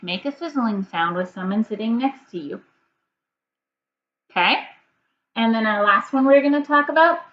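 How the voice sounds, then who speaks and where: A woman teaches a reading lesson to young children, speaking slowly and clearly and leaving room for them to answer. Her voice sits at a middle pitch. The recording is a little muffled, with a faint hiss behind her. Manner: slow, clear, patient prompting with pauses for answers.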